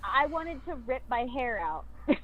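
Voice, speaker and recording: A woman's voice: high-pitched, sing-song, moderate pace, a bit bright, slight background noise. A voice actress guest chatting casually and bubbly, giggling and acting out her character's lines. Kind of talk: casual chat on a video call podcast. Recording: tinny phone-like remote audio.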